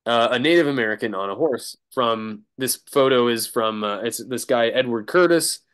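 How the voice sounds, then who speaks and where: Guest drummer, male, mid-pitched, casual and rambling, laughs through his stories. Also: moderate pace, a bit bright, smooth. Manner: rambling, laughs often, many restarts. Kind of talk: casual storytelling.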